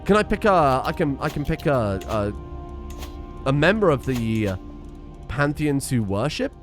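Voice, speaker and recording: A man's voice: mid-range voice, big pitch swings, unhurried, faint music behind. A man giving casual commentary while playing a strategy game, thinking aloud and adding wry asides. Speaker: let's play streamer.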